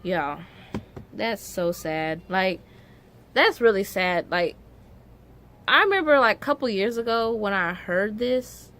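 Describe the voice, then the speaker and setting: A woman's voice: mid-range voice, animated, takes it slowly, long pauses, fairly bright tone. A young woman vlogger telling a story in a casual, emotional way, full of "like" fillers and growing indignation.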